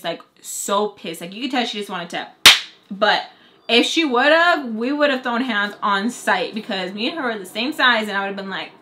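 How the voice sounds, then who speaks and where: Young woman vlogger, bright tone, casual rambling storyteller. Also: medium pitch. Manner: chatty, lots of filler "like", joking asides.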